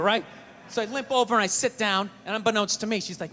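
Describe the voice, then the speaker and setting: A man's voice: high-pitched, animated, fast, bright, forceful tone, a little hiss or hum. An American man doing a stand-up routine, ranting with profanity and acting out both sides of an argument. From United States. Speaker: stand-up comedian. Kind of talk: stand-up routine before a live audience.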